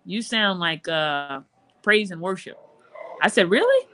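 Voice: medium pitch, slow pace, sharp tone, a little hiss or hum. A gospel singer guest telling a personal testimony in conversation, earnest and emotional, with frequent restarts.

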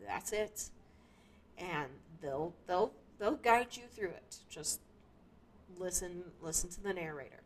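Woman talking to her audience, kinda low voice, lots of ums and restarts. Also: lively intonation, slow pace. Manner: rambling, many restarts and fillers, laughs at herself. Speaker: podcast host. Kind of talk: casual monologue.

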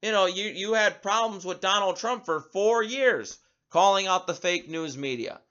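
A man's voice: high-pitched, moderate pace, bright, forceful tone, lo-fi sound. A man hosting a talk show, giving an emphatic opinion monologue and often repeating words as he starts a sentence. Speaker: radio talk show host.

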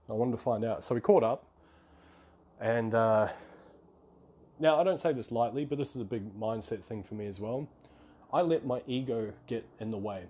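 A man's voice: medium pitch, moderate pace, pauses often, darkish tone, husky. A man hosting a podcast, telling a rambling, self-reflective story in a casual solo monologue. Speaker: podcast host.

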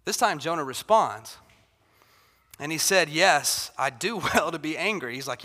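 A man's voice: a little high, expressive, unhurried, bright, forceful tone. A man preaching a sermon in a conversational way, often acting out quotes with rising intensity. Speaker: pastor. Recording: reverberant hall.

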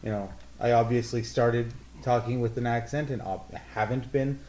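A man's voice: mid-range voice, steady tone, moderate pace, a little mellow, slight background noise. A man playing in a tabletop game, talking eagerly and playfully with fillers. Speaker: player. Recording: roomy room.

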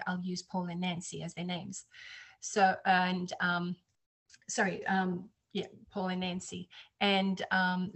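A woman guest who reads oracle cards, chatting and telling a story in an animated way. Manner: animated, acts out quotes in higher voice. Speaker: psychic reader, guest. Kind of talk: casual storytelling chat.

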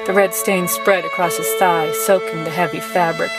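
Woman reading a story out loud, calm and expressive, fiddle music playing under. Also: on the low side, normal speed, few pauses. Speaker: podcast co-host reading passages. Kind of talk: dramatic audiobook narration.

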